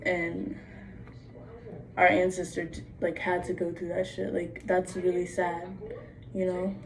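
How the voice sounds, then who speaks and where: A woman's voice: on the low side, completely flat delivery, takes it slowly, vocal fry. A young adult woman vlogging in a casual monologue, blunt and profane, with "like" in nearly every phrase. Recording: distant mic with faint background noise.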